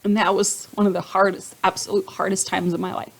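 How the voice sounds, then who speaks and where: A woman's voice: medium pitch, little pitch movement, a little fast, vocal fry, low-quality recording. Heartfelt woman talking straight to viewers. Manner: emotional, gets choked up. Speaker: vlogger sharing her faith testimony. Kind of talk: personal testimony vlog.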